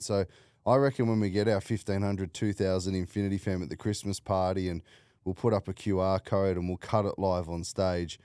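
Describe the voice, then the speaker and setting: A man's voice: on the low side, mellow, smooth, no room sound, studio quality. A man hosting a casual podcast interview, blunt, swearing freely and laughing a lot. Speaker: podcast host.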